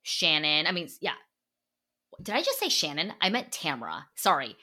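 A woman's voice: low-pitched, very animated, moderate pace, bright, forceful tone. A woman hosting a podcast, chatting casually and gossiping, full of "like" fillers and swearing. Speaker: podcast host.

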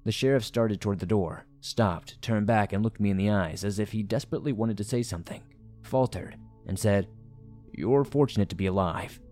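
A low-voiced man reads a first-person horror tale, building suspense with dramatic delivery while soft music plays underneath. He speaks fairly quickly, sounding a little mellow.

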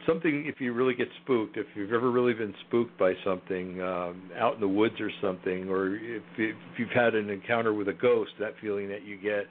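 A man with a fairly low voice talks as a guest in a casual interview, pausing often with fillers and restarting his sentences. He comes through a tinny, phone-like line. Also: fairly even intonation, a little hiss or hum. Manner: hesitant, many fillers and restarts.

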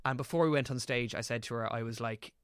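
A young man in his late twenties, an actor on a podcast, talks in a bright, forceful voice. He tells stories with lively energy and drops casual swear words. The sound is close and dry, with no room around it. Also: medium pitch, fast, smooth, no echo. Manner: animated anecdotal storytelling with casual swearing. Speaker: actor guest.

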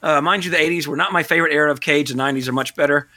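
A man's voice: fairly high pitch, steady tone, racing, bright, forceful tone, no room sound. A man hosting a podcast in casual, rambling chat, joking at his own expense. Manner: rambling, self-deprecating, joking. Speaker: podcast host.

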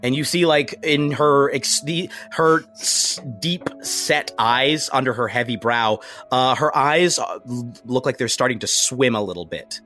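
A man's voice: medium pitch, measured pace, sharp tone, faint music behind. A man narrating as game master of a tabletop game, hesitant and full of fillers.

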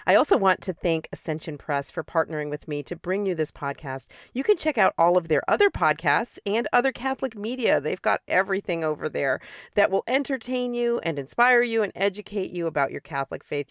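A woman's voice: fairly low pitch, expressive, fairly quick, no echo, faint music behind. A woman hosting a podcast, talking in a friendly, affirming, conversational way. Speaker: podcast host. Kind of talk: casual faith podcast chat.

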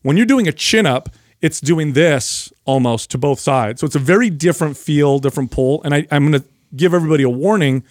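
A man co-hosting a casual fitness chat, telling stories and explaining exercises with lively energy. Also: a little high, fairly quick, hardly any pauses, no room sound, clean studio sound. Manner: animated storyteller, explains while demonstrating. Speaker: podcast co-host.

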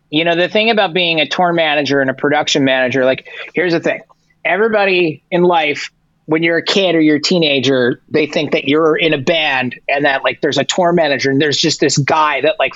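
A man's voice: fairly high pitch, no room sound, highs cut off. A man, a tour manager guest, telling stories casually with lots of filler and swearing, acting out both sides of the conversations. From Persian heritage. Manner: animated, swears freely, heavy "like" filler, acts out dialogue. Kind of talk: casual storytelling interview.

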